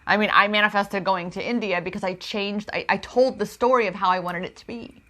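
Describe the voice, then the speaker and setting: A woman's voice: mid-range voice, steady tone, a little fast, bright, forceful tone. A woman talking in a personal vlog, emotional and confiding, using spiritual self-help language and calling her viewers goddess. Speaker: empowerment coach.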